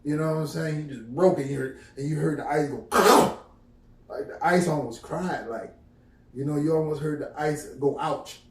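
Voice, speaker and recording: A man's voice: on the high side, normal speed, far from the mic. A middle-aged man, casually telling profane stories to his viewers and acting out the quotes. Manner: animated storytelling, profane, acts out quotes. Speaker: vlogger. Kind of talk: casual storytelling to camera. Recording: echoey room, voice off-mic.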